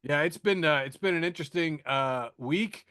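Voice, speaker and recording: A man's voice: fairly high pitch, normal speed, sharp tone, clear, resonant tone, dry recording, clean studio sound. A man hosting a podcast, riffing sardonically through news, laughing at his own jokes, with lots of fillers and restarts. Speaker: podcast host. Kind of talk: casual news chat.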